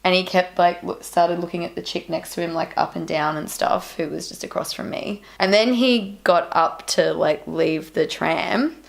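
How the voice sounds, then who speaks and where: A woman's voice: fairly low pitch, normal speed, creaky, few pauses. A woman rambling through a personal story in an interview, full of fillers. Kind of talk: personal testimony.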